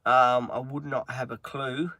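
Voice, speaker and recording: A man chatting on a livestream in a halting, earnest way, with many pauses and restarts, openly upset. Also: mid-range voice, little pitch movement, bright, forceful tone, no room sound. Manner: halting, frequent ums and restarts. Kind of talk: casual livestream chat.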